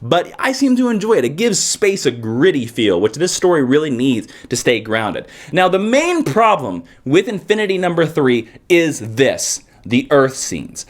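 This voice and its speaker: Male comic reviewer, animated and playful, expressive high-ish voice. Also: normal speed, few pauses. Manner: animated, jokey, playful asides. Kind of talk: casual video review.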